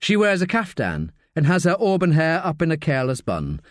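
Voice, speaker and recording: A man narrating a crime audiobook in an expressive, measured way. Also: on the high side, no echo, clean studio sound.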